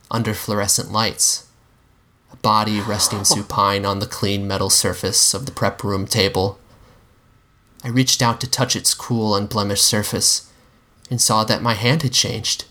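Male reader, low and bright, measured dramatic storytelling. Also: little pitch movement. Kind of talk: dramatic first-person story reading.

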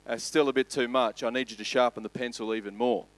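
An Australian man voicing a wealthy, stingy stockbroker who haggles in a low, muttered tone. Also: steady tone, fast talker, close to an everyday voice, rough recording. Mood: haggling.

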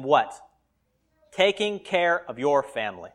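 Fervent preacher, bold and rising. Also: male voice, a little high, expressive, normal speed. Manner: dynamic preaching, swinging from loud emphasis to quiet asides. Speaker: pastor. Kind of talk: sermon.

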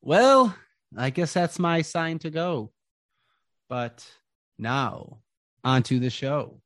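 A man voicing a showy, boastful male circus ringmaster who booms his lines and talks in rhymes. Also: expressive, slow, fairly bright tone, no echo, studio quality. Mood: mock polite. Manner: booming, theatrical, speaks in rhymes.

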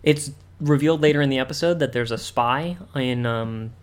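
A male podcast co-host in easygoing chat with a voice at a middle pitch. He often restarts his sentences and repeats words. His humor is dry and wry. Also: moderate pace, clean tone. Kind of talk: casual chat.

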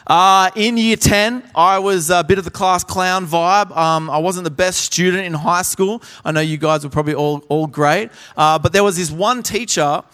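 A young man preaching a sermon at a conference, telling stories with animated energy and acting out the people in them. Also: high voice, normal speed, hardly any pauses, clear, resonant tone, in a large hall. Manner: animated storyteller, acts out voices. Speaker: pastor. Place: large conference hall.

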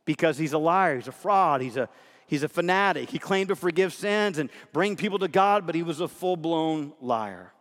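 A man preaching a sermon as a pastor, emphatic and conversational, animated in his delivery. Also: fairly high pitch, normal speed. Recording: long hall reverb.

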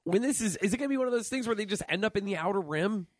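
Joking man with lively pitch. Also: no room sound, clean studio sound. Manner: joking, quick banter. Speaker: podcast co-host. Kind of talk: casual chat.

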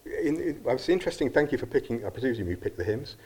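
Male preacher, earnest and reflective, lively rise and fall in his voice, mid-pitched. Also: fast, husky. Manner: earnest, reflective, with some restarts. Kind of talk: sermon. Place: church service.

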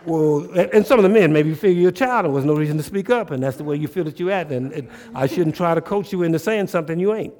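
A man preaching a sermon, calling out to the congregation and swinging between hushed asides and loud bursts. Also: on the high side, lively intonation, quick pace, few pauses.

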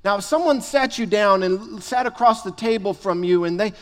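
A man's voice: high-pitched, moderate pace, fairly bright tone. A man preaching a sermon as pastor, emphatic and fond of repeating phrases for stress. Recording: long reverb of a hall.

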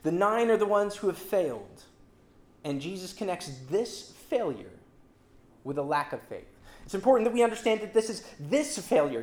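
Expressive preacher in an echoey room. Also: medium pitch. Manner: expressive, emphatic, with dramatic swings in loudness and pace. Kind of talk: sermon. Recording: roomy echo.

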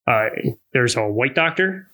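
A man's voice: mid-range voice, lively intonation, a little slow, bright, forceful tone, poor audio. A man hosting a casual conversation, pressing his guest with follow-up questions.

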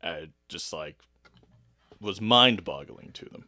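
A man co-hosting a casual podcast teases with dry humor. His low voice sounds bright and edged, with pitch moving widely, in a dead-dry close recording. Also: lively intonation, takes it slowly, no echo. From Canada. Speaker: podcast co-host. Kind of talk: casual chat.

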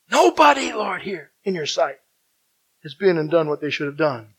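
A man preaching a sermon, swinging from loud emphatic declarations to hushed, near-whispered passages and repeating key phrases. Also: very high voice, lively intonation, normal speed, low-quality recording. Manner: emphatic repetition.

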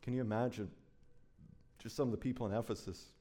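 Guy preaching a sermon, intense and urgent, keeps hammering points with repetition, medium pitch. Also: fairly even intonation, fast talker, warm tone. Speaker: pastor.

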